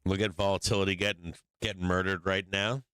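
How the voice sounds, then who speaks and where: Hiccuping throughout, a man running a live stock market stream rambles casually with plenty of swearing and restarts, sometimes moving off mic while on his screens. His deep voice is fairly bright and clean, with a level tone and a slightly fast pace, in a dry recording.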